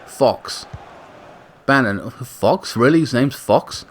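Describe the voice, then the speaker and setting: A man giving casual play-by-play commentary on a football video game, with excited bursts on attacks and chatty self-corrections. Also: mid-range voice, takes it slowly, a little hiss or hum. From Britain. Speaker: gaming YouTuber commentating a football sim.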